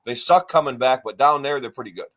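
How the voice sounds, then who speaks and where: A man's voice: medium pitch, fast. A man co-hosting a podcast, telling a long rambling story in casual chat, swearing often and acting out what others said. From New York State. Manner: rambling, profane, animated retelling. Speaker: podcast co-host.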